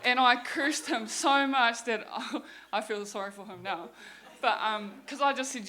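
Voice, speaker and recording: A woman's voice: a little high, normal speed, a bit bright. A young woman with a New Zealand accent giving a candid personal testimony talk, frank and swearing freely as she retells her story. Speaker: guest speaker sharing her story.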